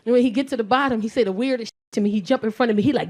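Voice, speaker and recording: A New York woman in her forties doing stand-up comedy, loud and animated, shouting punchlines and acting out both sides. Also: fairly high pitch, fast talker, hardly any pauses. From South Bronx, New York.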